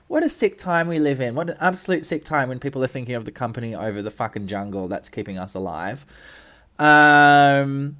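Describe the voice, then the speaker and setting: A woman's voice: rumbling low, animated, fairly quick, a bit bright. A young woman hosting a casual solo podcast, chatty and cheeky, swearing freely with lots of ums, recorded in an apartment. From Australia. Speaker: podcast host. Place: friend's apartment.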